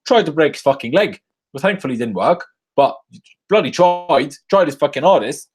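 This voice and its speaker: A young man live-streaming a rant after a football match, angry and swearing, jumping from loud outbursts to low muttering into a desk microphone. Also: lively intonation, moderate pace, slightly rough. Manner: angry, swearing, swings between shouting bursts and low muttering.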